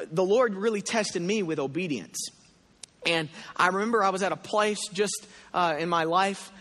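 A man preaching a sermon in a church, telling a story with animated asides and acted prayers. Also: high voice. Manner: animated storytelling, voicing his own prayers. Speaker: pastor. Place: church hall. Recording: long hall reverb.

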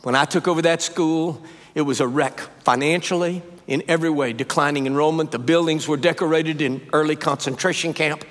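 An older man preaching a sermon in a church, telling a story and rising to animated, emphatic peaks. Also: on the high side, a little fast. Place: church sanctuary. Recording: live sermon with long reverb.

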